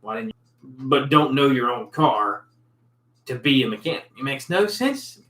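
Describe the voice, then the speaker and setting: A man's voice: medium pitch, big pitch swings, moderate pace, a bit bright. A man telling a long, exasperated story about a rude customer, rambling and blunt in a casual way. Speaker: show host, car mechanic. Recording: roomy echo.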